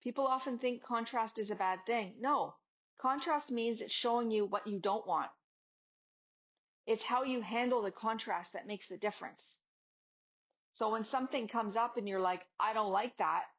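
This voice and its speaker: Female podcast host and yoga teacher, casual motivational talker, medium pitch, somewhat muffled recording. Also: a bit bright. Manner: conversational, acts out dialogues with students. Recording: slightly dull lo-fi audio.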